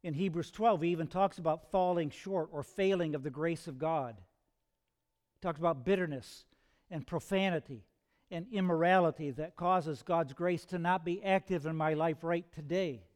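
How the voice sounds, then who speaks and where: High-voiced man preaching earnestly. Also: normal speed. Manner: earnest, conversational preaching with frequent restarts and rhetorical questions. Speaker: pastor. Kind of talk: sermon.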